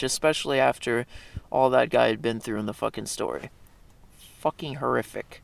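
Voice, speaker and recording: A man's voice: mid-range voice, steady tone, moderate pace, gravelly. A young man telling a story in a casual, rambling monologue, swearing a lot and correcting himself as he goes. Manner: profane, rambling, with frequent fillers and self-corrections. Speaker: video creator.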